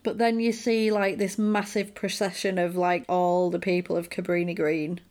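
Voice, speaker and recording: Animated woman recapping a film. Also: on the low side, normal speed. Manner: animated storyteller, acts out quotes. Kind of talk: casual film recap chat.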